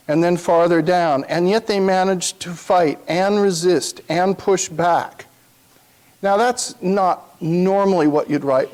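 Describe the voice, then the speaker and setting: A man giving a university lecture, thinking aloud and reading quotations slowly and solemnly. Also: high voice, darkish tone.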